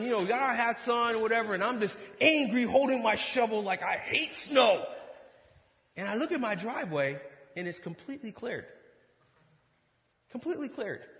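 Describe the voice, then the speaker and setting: Animated high-voiced preacher in echoey hall. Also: male voice. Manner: animated storytelling, acts out dialogue. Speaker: pastor. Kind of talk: sermon with personal story.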